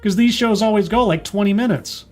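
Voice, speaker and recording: Sarcastic guy reviewing a tv episode, kinda high voice, soft music in the back. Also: fairly quick. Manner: sarcastic, mocking, sighing. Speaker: TV show reviewer. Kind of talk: casual episode recap and review.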